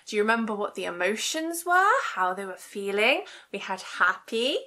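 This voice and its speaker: A young woman hosting a rhyme-time session for small children in a library, speaking in a gentle sing-song way with gasps and hushed asides. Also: medium pitch, sing-song, moderate pace. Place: library, indoors.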